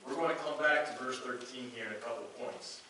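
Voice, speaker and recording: A pastor preaching a sermon, reading scripture aloud and earnestly repeating key phrases. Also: male voice, medium pitch, a little fast, pushed and bright, a little hiss or hum. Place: church sanctuary. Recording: very echoey church hall, mic far off.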